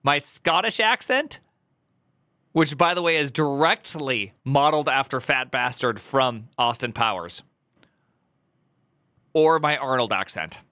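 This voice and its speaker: A man reacting to a video on a live stream, rambling with restarts and loud joking asides. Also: mid-range voice, expressive, a little slow, pauses often, no room sound, clean studio sound.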